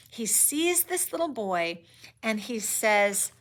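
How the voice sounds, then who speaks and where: A woman's voice: fairly high pitch, very animated, slow pace, a bit bright. A woman teacher recapping a novel chapter, reading passages aloud and adding conversational asides to the listener.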